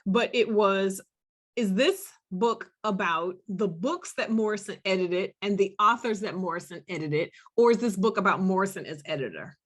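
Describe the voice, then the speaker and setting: Woman panelist, mid-pitched voice, thoughtful, full of fillers and restarts, video call. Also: normal speed. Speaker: panelist and scholar. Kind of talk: panel discussion.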